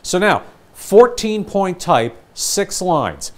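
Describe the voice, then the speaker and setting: An older man runs a sales training session, speaking slowly with a lively, swooping, animated delivery in a voice a bit high for a man. As he teaches, he acts out the lines of customers and ad announcers.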